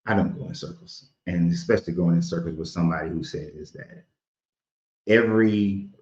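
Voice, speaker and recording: A man's voice: sits low, normal speed, a little mellow. Blunt, combative man host. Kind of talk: heated debate. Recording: roomy, dull sound.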